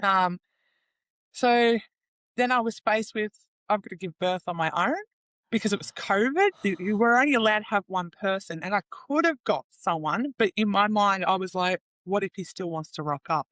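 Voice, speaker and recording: A woman's voice: mid-range voice, normal speed, fairly bright tone, no room sound. A woman, a guest in an interview, telling her story in a raw, emotional way, swearing freely and acting out the quoted voices of others. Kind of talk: candid personal interview.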